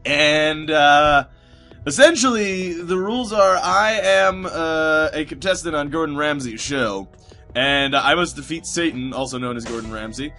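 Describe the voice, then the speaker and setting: Bright-voiced rambling gaming commentator. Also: male voice, on the high side, a little slow, faint music behind. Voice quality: rambling, chatty, lots of fillers and restarts. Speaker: gaming YouTuber. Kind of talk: let's play commentary.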